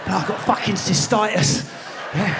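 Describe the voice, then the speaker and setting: A man's voice: high-pitched, moderate pace, creaky, noisy background. A man with an Essex and London accent doing live stand-up comedy in a large theatre, brash, sweary and baiting the crowd. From Enfield, England.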